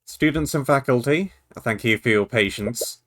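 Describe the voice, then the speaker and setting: A man's voice: medium pitch, moderate pace, a bit bright, lightly acted. A man voicing a school headmaster making a formal, urgent intercom announcement in a game.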